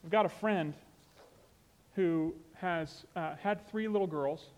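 Earnest conversational preacher, man, higher pitch. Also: takes it slowly, a little mellow, in a large hall. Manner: conversational and earnest, with asides like "you know". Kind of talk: sermon.

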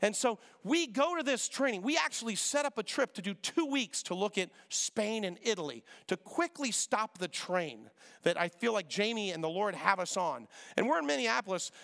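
A middle-aged man preaching, telling a story in a quick, conversational way and acting out the dialogue. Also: high voice, sing-song, vocal fry, fairly bright tone. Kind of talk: sermon storytelling. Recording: reverberant hall.

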